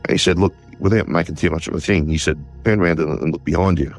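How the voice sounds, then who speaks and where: An Australian man, a war historian, telling a story in an interview with lively retold dialogue and frequent restarts. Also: sits low, fast talker, faint music behind. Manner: animated, retells conversations in quoted dialogue, frequent restarts.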